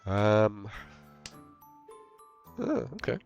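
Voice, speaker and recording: A man with a very low voice comments casually on his own game. He is unwell and thinks aloud, rambling and poking fun at his own choices. Quiet game music runs in the background. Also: wildly swooping pitch, drawn-out words, muffled recording. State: ill. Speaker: game streamer.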